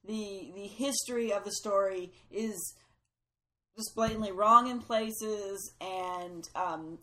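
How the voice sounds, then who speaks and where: Woman, mid pitch, agreeable, casual history explanation, many fillers. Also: slow, pushed and bright, slight background noise, poor audio. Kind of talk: casual film discussion.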